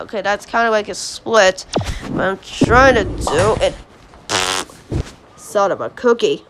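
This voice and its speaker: A channel host giving rambling commentary on a mobile game, who yelps and groans at misses. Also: female voice, mid-range voice, unhurried, pauses often, noisy background. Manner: rambling, restarts sentences.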